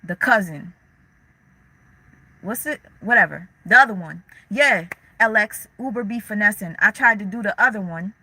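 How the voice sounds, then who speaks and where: A woman's voice: mid-range voice, normal speed, sharp tone, low-quality recording. A young woman hosting a casual livestream, talking candidly in slang and answering viewers' chat comments as they come in. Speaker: livestream host.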